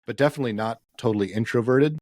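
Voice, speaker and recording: A man guest co-hosting a podcast, chatting in an easygoing way and offering measured opinions. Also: medium pitch, a little mellow, no echo. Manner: easygoing, frequent agreeing backchannels, measured opinions. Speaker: guest co-host. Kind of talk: casual chat.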